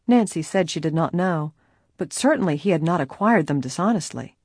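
A woman narrating an audiobook in a steady, even storytelling manner. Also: fairly low pitch, fairly quick, husky, no room sound, clean studio sound. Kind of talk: scripted narration.

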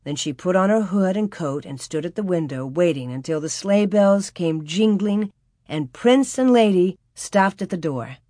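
A woman narrates a storybook with a calm, measured, expressive delivery. Her voice sits a little low, and the recording is dry and close. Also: no echo. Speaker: audiobook narrator.

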